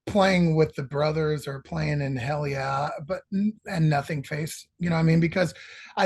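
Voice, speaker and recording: A middle-aged man with a husky, slightly raised voice tells rambling road stories full of swearing. His delivery is animated and loose, a musician guest in a casual interview. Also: on the high side. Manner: profane, rambling, animated storytelling.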